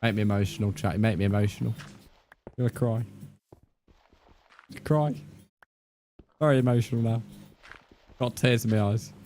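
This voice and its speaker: Young male streamer with a lower voice, loose and jokey, cursing freely as he chats with his audience. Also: steady tone, fast talker, warm tone, a little hiss or hum. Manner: joking, swearing, reacting to chat. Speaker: game streamer. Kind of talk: casual live-stream chat with viewers.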